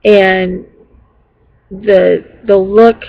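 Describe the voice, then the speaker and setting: A woman's voice: medium pitch, level tone, extremely slow, gravelly. A woman vlogger telling her viewers a story in a rambling, casual way with many fillers and restarts, sounding exasperated. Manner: exasperated retelling. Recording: dull lo-fi home recording.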